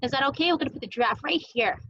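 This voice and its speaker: High-voiced playful teacher woman. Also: animated, racing, fairly bright tone, breathy edge, muffled recording. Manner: sing-song, playful with children, making animal sounds. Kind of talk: cooking and teaching toddlers at home.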